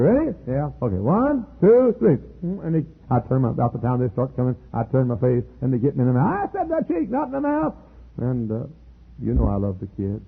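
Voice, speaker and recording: An older male pastor delivers a sermon in a husky, mid-pitched voice, often jumping high when he quotes others. The old archive recording sounds thin and tinny, like a phone line.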